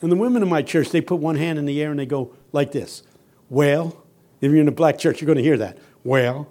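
A man preaching in a fairly high voice, mixing teasing humor with storytelling. He moves from hushed, earnest appeals to loud, shouted passages. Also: racing. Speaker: guest preacher. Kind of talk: sermon.

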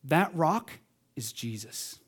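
A man preaching a sermon as pastor, swinging between loud emphatic lines and hushed ones, calling on the congregation to respond. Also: fairly high pitch, expressive, slow pace, husky.

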